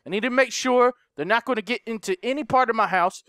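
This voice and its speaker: High-voiced excitable guy yelling through a horror game, bright sharp tone, talks himself through it. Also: quick pace, smooth, no echo, clean studio sound. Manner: excitable, shrieks and swears at game scares; narrates his moves to himself. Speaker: gaming YouTuber. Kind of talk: let's play commentary.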